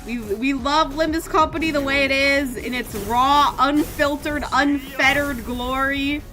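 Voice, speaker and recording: A young woman streaming a game, chatting casually, reading the story text aloud and breaking into playful, excited outbursts. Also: high-pitched, a little slow, faint music behind. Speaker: gaming streamer.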